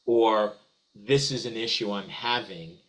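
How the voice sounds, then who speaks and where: A man with a lowish, fairly bright voice speaks at a measured pace over poor audio. He's a guest in a business webinar, answering eagerly in a conversational way, often restarting and repeating words.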